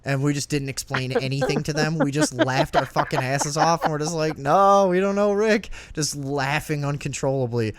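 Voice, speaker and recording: A man's voice: on the high side, fairly even intonation, a little fast, hardly any pauses. A young man hosting a casual talk show, telling a long anecdote with lots of swearing and laughter, acting out the voices in it. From Downers Grove, Illinois area. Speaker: podcast host. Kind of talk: casual storytelling chat.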